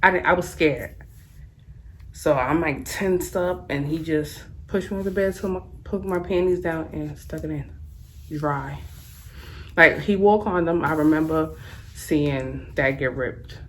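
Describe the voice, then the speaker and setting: A young woman with a notably low voice tells a personal storytime tale to her camera. She speaks frankly and casually, using plenty of slang and rambling with "like" fillers. Faint noise sits under her voice. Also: unhurried. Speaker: vlogger telling a story. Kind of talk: storytime vlog.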